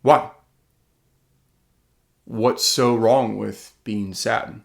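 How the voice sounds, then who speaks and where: A man with a fairly low voice speaks as an author giving a heartfelt motivational talk. He is earnest and keeps asking himself questions. He pushes some lines out loud and lets others drop to a hush. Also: steady tone, very slow, creaky. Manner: earnest, self-questioning, swings from loud to hushed.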